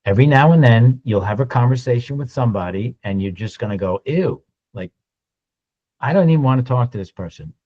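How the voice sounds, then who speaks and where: A man giving a lunch-and-learn sales talk, animated and acting out little dialogues as he goes. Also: on the low side, fairly quick, highs cut off. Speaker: sales trainer.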